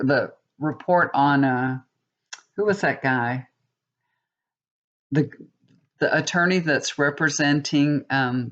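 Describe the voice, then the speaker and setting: A woman's voice: low-pitched, muffled recording. A woman giving a tarot reading in a casual, rambling monologue, often checking in with viewers. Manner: chatty, rambling with many restarts, asks viewers "okay?". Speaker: tarot reader.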